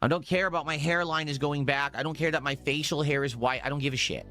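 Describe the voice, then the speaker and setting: Fast, bright-voiced man in his forties ranting. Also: a little high, steady tone, no room sound, clean studio sound. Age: 40s. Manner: defensive, ranting, emphatic. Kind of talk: ranting gaming commentary.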